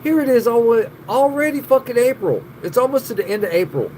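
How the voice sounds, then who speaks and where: A man's voice: very high voice, lively intonation, brisk, a little mellow, slight background noise. A man hosting a live stream, chatting casually with viewers, swearing a lot, laughing often and rambling.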